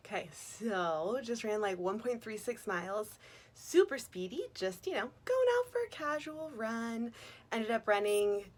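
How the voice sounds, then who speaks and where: A woman's voice: fairly high pitch, expressive, a little slow, a little hiss or hum. A young woman giving a chatty, upbeat vlog review of running shoes, full of fillers.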